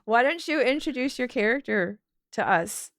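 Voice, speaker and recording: A woman acting as game master, narrating a tabletop role-play scene in a lively, descriptive way. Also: a little high, moderate pace, dry recording, clean studio sound.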